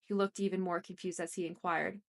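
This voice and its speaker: A woman reading a first-person story aloud as an audiobook narrator, in a plain, steady manner. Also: fairly low pitch, fairly quick, vocal fry.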